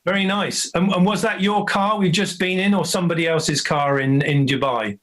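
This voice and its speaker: A man's voice: high voice, steady tone, moderate pace, fairly bright tone, poor audio. An older man hosting a live online interview, chatting in a jokey, self-deprecating way. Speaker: host.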